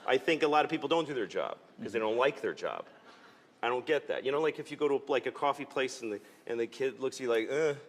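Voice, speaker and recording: A man telling comic stories on a talk show, swinging from loud outbursts to low mutters. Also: animated, fast talker. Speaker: comedian guest.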